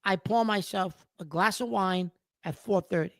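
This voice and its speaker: A man's voice: sits high, moderate pace, fairly bright tone, no echo. A middle-aged man co-hosting a casual podcast chat, telling his habits in a blunt, matter-of-fact way. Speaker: podcast co-host.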